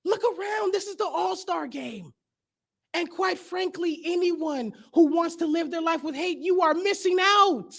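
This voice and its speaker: High-voiced man performing spoken word. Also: measured pace, gravelly, fairly bright tone. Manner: rhythmic, emphatic, conversational slang. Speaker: guest speaker. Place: church sanctuary.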